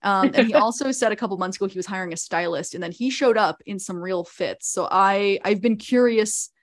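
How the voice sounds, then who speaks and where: A woman chats as a podcast guest, her voice sitting at a middle pitch. She tells stories briskly, full of quick asides. It is recorded on a proper podcast microphone. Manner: chatty storyteller, quick asides. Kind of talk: casual podcast chat.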